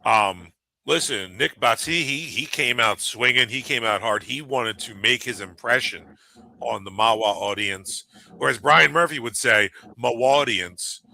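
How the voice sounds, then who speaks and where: A man co-hosting a wrestling talk show, chatting in an animated, rambling way. His voice is gravelly, with a fry at the edges. The tone is very bright and forward. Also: medium pitch, a little slow, dry recording, poor audio. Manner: animated, laughs often, rambling. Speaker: wrestling podcast co-host. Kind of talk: casual chat.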